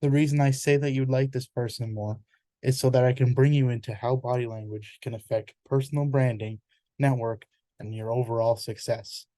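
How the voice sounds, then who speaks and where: A man's voice: mid-range voice, fairly even intonation, moderate pace, mellow, dry recording. A man giving an informal explanatory presentation in an earnest, conversational way, often restarting words mid-sentence.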